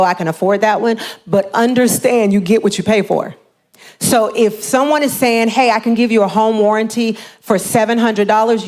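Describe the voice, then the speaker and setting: High-voiced woman speaking at a seminar. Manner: lively, acts out quoted voices. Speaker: seminar speaker on home buying. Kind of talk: motivational seminar talk.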